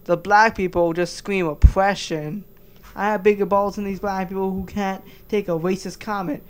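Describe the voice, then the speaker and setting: A man's voice: sits high, fairly even intonation, moderate pace, smooth. A man giving heated, crude reaction commentary, stammering through many restarts. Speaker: commentary vlogger.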